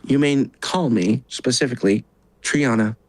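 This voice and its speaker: A man's voice: mid-range voice, normal speed, dry recording, close to an everyday voice, rough recording. A man voicing a stern, condescending female sorcerer aide in a tabletop game, in his own everyday voice. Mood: haughty.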